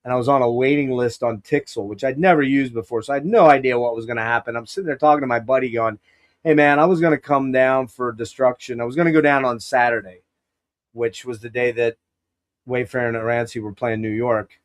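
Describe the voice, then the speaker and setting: A man's voice: mid-range voice, fairly even intonation, fast talker. Pennsylvania guy hosting a podcast, rambles through a long story, lots of restarts and quoting himself. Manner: long-winded storyteller, many restarts and quoted asides. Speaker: podcast host. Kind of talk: casual rambling chat.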